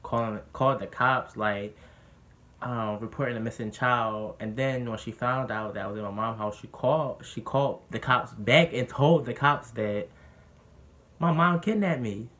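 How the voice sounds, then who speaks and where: Speaking at a moderate pace with a medium-pitched voice, a young man tells a candid personal story on his vlog. His delivery is lively and animated, turning heated when he quotes others.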